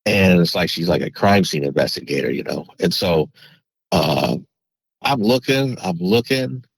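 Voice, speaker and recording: A man with a low, slightly husky voice tells a personal story as a podcast guest. He rambles and restarts his sentences often. The recording is dry and close. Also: lively intonation, a little slow, no room sound, rough recording. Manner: rambling, many restarts and fillers. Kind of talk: casual storytelling.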